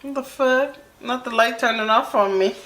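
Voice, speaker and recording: A woman's voice: a little high, moderate pace, background noise. A woman telling a personal story to camera in a casual vlog, acting out the quoted dialogue as she goes. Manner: animated, acts out quoted dialogue. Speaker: storytime vlogger. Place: indoors under camera lights.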